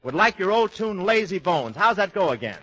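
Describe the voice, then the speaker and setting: A man hosting a 1940s radio comedy show, trading quick wisecracks, on a noisy old transcription recording. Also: high voice, sing-song, a bit bright, husky. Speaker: host.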